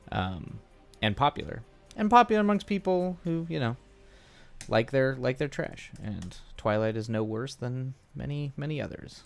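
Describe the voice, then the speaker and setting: Low gravelly-voiced man thinking aloud. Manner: thinking aloud, musing, rambling asides. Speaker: streamer. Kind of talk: casual live-stream writing session.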